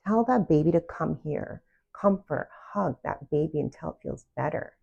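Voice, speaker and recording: A woman's voice: low-pitched, expressive, moderate pace, creaky, warm tone, breathy edge, highs cut off. A woman giving casual, earnest self-love advice, often asking the listener direct questions. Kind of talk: casual motivational talk to camera.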